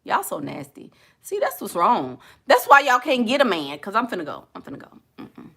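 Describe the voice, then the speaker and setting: A woman hosting a casual live chat, sassy and teasing and quick to laugh. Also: mid-range voice, wildly swooping pitch, creaky, sharp tone, slightly rough. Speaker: livestream host.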